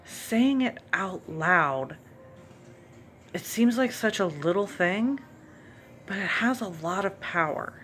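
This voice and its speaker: A woman's voice: medium pitch, expressive, slow pace, long pauses, fairly bright tone, a little hiss or hum. A woman vlogger giving an earnest, emphatic motivational monologue to encourage her viewers.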